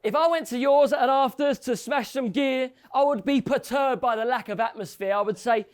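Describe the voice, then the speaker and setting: A man's voice: very high-pitched, expressive, a little fast, hardly any pauses. Mocking comic battle rapper, man. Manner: joking, mocking, laughs at his own lines. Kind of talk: comedic rap battle verses. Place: live rap battle event.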